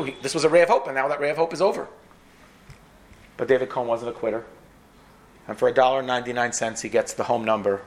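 A man telling a sermon story dramatically, with repetition, acting out the dialogue. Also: medium pitch.

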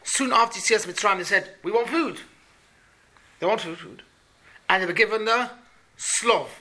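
Torah teacher, man, high and bright, animated questioning lesson. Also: moderate pace. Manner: questioning, animated, repeats points. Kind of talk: Talmud class for boys.

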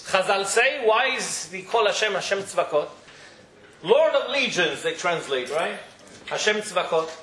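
High, bright-voiced man teaching Torah. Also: unhurried. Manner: animated, mixes Hebrew quotes with English explanation. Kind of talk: Torah class. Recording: echoey room with faint noise.

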